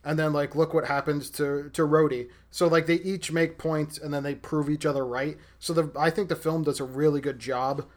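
A man's voice: a little high, steady tone, normal speed, few pauses. A man co-hosting a casual movie discussion, hesitating and thinking aloud with fillers. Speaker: podcast co-host.

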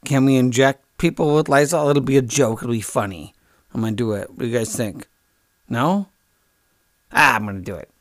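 Smug older politician, deep and offhand, put on by a comic host. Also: male voice, normal speed, no echo, clean studio sound, lightly acted. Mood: scheming. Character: boastful older male politician plotting backstage.

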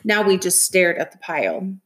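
Brief: woman teacher narrating a novel for a class, steady and even. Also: on the low side, moderate pace. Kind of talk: reading a novel aloud.

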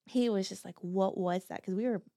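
A young woman on a podcast, relaxed and matter-of-fact, retelling a ghost story with quoted dialogue. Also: medium pitch, a little fast, creaky, no room sound, clean studio sound. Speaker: podcast co-host. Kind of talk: casual storytelling chat.

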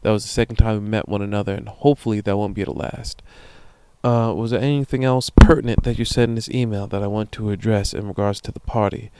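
A man's voice: lowish voice, fast, a little hiss or hum. A young man hosting a podcast, reading listener emails in a casual, profane monologue and voicing the people in his stories. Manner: profane, animated storytelling with voiced quotes. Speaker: podcast host.

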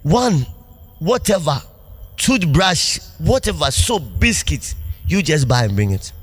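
A pastor preaching a sermon in a church, animated, laughing often and asking the congregation questions. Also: male voice, a little high, takes it slowly, husky. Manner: call-and-response preaching, asks congregation questions.

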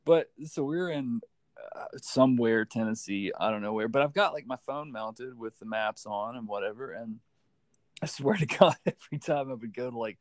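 A man's voice: mid-range voice, moderate pace, dry recording. A man from the United States in casual chat, telling stories with lots of swearing and acted-out quotes. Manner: animated storyteller, swearing, acting out quotes.

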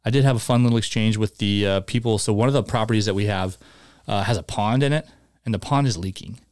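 Young male podcast co-host, low voice, dry close sound, joking storyteller. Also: fast, a little mellow, no echo. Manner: storytelling, quotes people, jokey. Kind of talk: casual chat.

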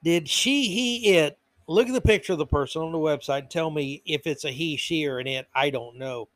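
A man's voice: on the high side, a little fast, fairly bright tone, dry recording. A man hosting a podcast, delivering an indignant political commentary monologue full of emphatic repetition. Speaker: podcast host.

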